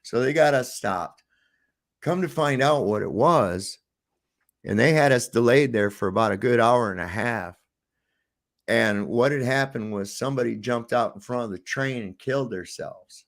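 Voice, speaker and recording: A middle-aged man hosting a podcast, telling stories in a profane, animated, casual chat. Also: mid-range voice, normal speed, gravelly. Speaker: podcast host.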